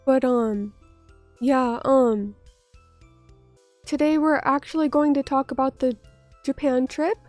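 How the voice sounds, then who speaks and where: High, mellow-voiced woman streamer, still sick. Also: steady tone, takes it slowly, long pauses, no room sound, faint music behind. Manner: chatty, self-deprecating, swears casually. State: still sick, recovering from illness. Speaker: vtuber streamer. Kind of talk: casual livestream chat, reading viewer comments aloud.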